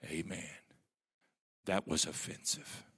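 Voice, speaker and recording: A man's voice: sits low, fairly even intonation, takes it slowly, pushed and bright, breathy edge. A man preaching a sermon as pastor, telling stories with strong emphasis.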